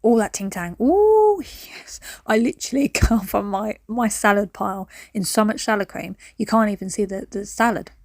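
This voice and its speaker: A woman's voice: mid-range voice, flat delivery, moderate pace, hardly any pauses, no echo, clean studio sound. A woman, chatting through a cleaning vlog at home, rambling between stories and sudden whispered asides. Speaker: cleaning vlogger. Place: at home, indoors.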